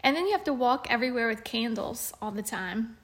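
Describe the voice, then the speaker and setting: A woman's voice: on the high side, animated, a little fast. A woman co-hosting a podcast, telling a story in casual chat with plenty of fillers and restarts. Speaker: podcast co-host.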